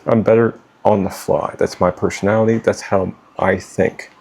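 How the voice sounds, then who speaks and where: A man's voice: fairly low pitch, steady tone, moderate pace, a little mellow. A middle-aged man giving blunt, profane life advice off the cuff, stumbling and restarting as he talks. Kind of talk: unscripted talk to camera.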